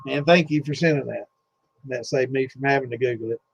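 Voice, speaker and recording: A man's voice: mid-range voice, fairly quick, creaky, a little hiss or hum. Rambling, profane man telling stories. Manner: rambling, profane, full of fillers. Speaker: host of a distilling Q&A livestream. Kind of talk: casual storytelling chat. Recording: slightly dull lo-fi sound.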